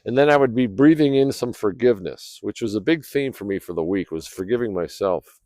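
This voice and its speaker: A man telling a personal story in a rambling, casual way, clearing his throat often, recorded outdoors by a fire. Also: on the low side, expressive, fairly quick, warm tone, dry recording. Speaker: vlogger.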